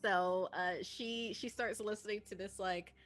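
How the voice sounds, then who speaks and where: A woman chatting as a player in a tabletop game, talking quickly and describing her character in detail. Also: mid-range voice, steady tone, a bit bright, soft background music. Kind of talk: casual chat playing a tabletop game.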